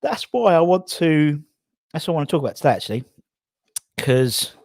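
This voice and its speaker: A man's voice: on the high side, sing-song, moderate pace, darkish tone, dry recording, clean studio sound. A man from England hosting a casual live stream, rambling and out of breath as he reads out viewer comments. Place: garage.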